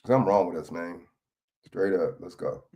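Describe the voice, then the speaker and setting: A man's voice: deep voice, normal speed, a little mellow, slightly rough. A man giving heated, profane reaction commentary on a political video clip.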